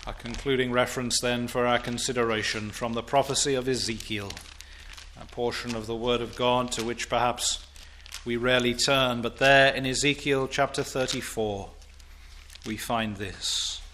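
A man preaching a sermon in formal, old-fashioned diction, building to loud, emphatic declamation as he reads scripture. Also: mid-range voice, steady tone, normal speed, a little hiss or hum.

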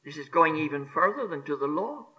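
A man preaching a sermon on scripture, emphatic and deliberate, repeating key phrases and sinking to a hushed near-whisper on solemn words. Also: fairly high pitch, big pitch swings, breathy edge, dull audio. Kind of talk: expository sermon.

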